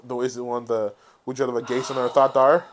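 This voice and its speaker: Brief: male podcast co-host, casual storyteller, animated, swears freely. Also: mid-range voice, very fast, a little hiss or hum. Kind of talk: casual chat.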